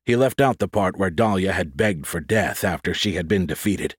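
A man with a fairly low voice narrates an audiobook in a measured, descriptive way. The recording is dry and close, with no room echo. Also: expressive, slightly rough. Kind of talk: scripted narration.

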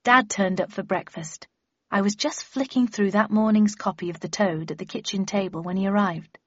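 A woman reading a novel aloud in first person, with a husky voice and steady storytelling delivery. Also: medium pitch, normal speed, dry recording, muffled recording. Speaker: audiobook narrator.

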